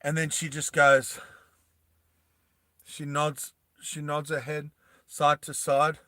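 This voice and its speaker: A young man casually recapping a movie plot, animated, laughing often and acting out the scenes. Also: on the high side, slow, no room sound, studio quality. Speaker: storytelling vlogger.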